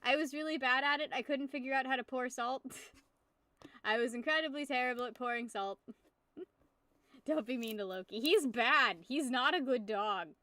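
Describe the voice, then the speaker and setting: A woman's voice: sits high, moderate pace, bright, forceful tone. A young woman in her twenties streaming, chatting casually with viewers in a rambling, giggly way and swearing freely. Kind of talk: casual live-stream chat.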